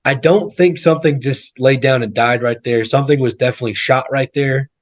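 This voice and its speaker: A man's voice: mid-range voice, a little fast. A male guest, a real estate investor, telling stories casually and rambling, repeating words and acting out what people said. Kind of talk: casual storytelling.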